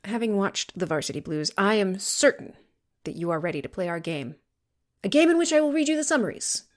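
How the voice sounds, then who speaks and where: A woman's voice: mid-range voice, big pitch swings, a little fast. Woman podcast cohost, sarcastic and jokey, voice jumps all over. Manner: playful, sarcastic, jokey mock-announcer bits. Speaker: podcast co-host. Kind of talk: casual chat.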